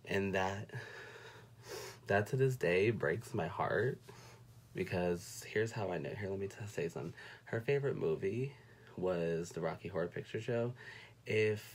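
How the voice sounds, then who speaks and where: A young man from North Carolina telling a personal story on a livestream, speaking in a soft, halting way and fighting back tears. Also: low voice, husky. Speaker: vlogger. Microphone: phone or webcam.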